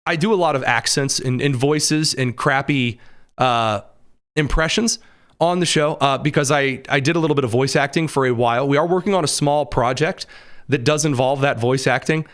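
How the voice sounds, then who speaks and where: Midwest guy hosting his podcast, sarcastic and animated, lots of ums. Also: mid-range voice, normal speed. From American Midwest. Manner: animated, sarcastic asides, frequent fillers. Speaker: podcast host. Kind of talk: casual commentary.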